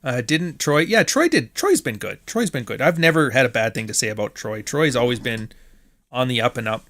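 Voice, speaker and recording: A man's voice: mid-range voice, a little fast, a bit bright. A man hosting his podcast, telling a story in a casual monologue, swearing freely, laughing often and acting out what others said. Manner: profane, sardonic, laughs often, acts out quotes. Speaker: podcast host.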